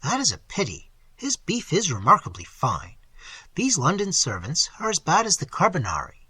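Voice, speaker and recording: A comfortable, slightly pompous English husband, voiced by a male reader. He talks in an earnest, self-satisfied way, with a lively, swooping pitch and a husky, dry tone. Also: normal speed, dry recording, exaggerated voice. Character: respectable, comfortable middle-aged English husband.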